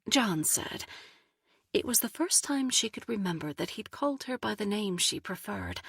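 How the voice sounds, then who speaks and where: A woman reading an audiobook as narrator, in measured scripted narration with a breathy voice. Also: medium pitch, lively intonation, fairly bright tone, no room sound, clean studio sound. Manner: slow, measured delivery.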